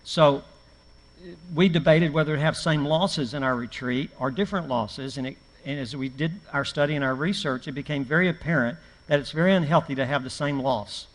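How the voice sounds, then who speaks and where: A middle-aged male preacher with a fairly high voice, teaching a church class in a folksy, storytelling way and poking fun at himself. His voice rings with the long reverb of a church hall on a live stream. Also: fairly quick. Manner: folksy, anecdotal, self-mocking humor. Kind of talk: conversational church class talk.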